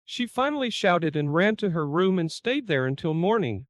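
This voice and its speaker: A man narrating a dramatic family story in a steady, even storytelling read. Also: high voice, normal speed, dry recording, clean studio sound.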